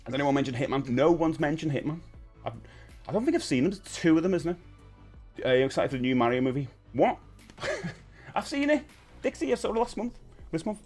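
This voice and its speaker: A man's voice: a little high, expressive, fairly quick, long pauses, a little mellow, faint music behind. A man, hosting a casual live stream and chatting with viewers in a rambling, friendly way. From United Kingdom. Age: 50s. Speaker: livestream host.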